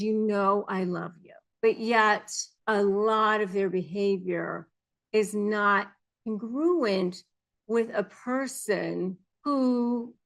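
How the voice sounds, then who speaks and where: A middle-aged woman speaks in an earnest, explanatory way, coaching her listeners on how to deal with difficult people. She talks at an unhurried, deliberate pace with a medium pitch and now and then slips into quoting others' words. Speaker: narcissism negotiation coach. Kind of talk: advice talk to camera.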